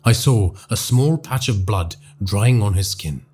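A man narrating a horror story for a podcast in a hushed, dramatic storytelling manner. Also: lowish voice, expressive, a little slow, background noise.

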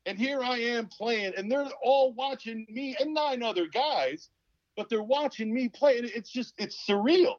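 A man's voice: very high-pitched, unhurried, no echo. A man in his fifties, a former pro basketball player, telling a story as a podcast guest and acting out the people in it. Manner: animated, acts out quoted people. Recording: dull, dry sound.

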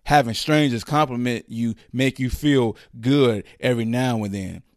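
A man hosting a podcast, ranting in casual slang with incredulous, mocking asides and quick put-on quotes. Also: mid-range voice, no room sound, studio quality. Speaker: podcast host. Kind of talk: casual commentary rant.

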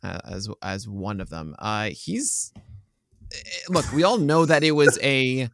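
A man in a casual podcast chat with a mid-range voice. He jokes and fires back quick retorts, and often lets his sentences fade quietly. The sound is close and dry. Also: mid-range voice, creaky, no room sound. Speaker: podcast co-host.

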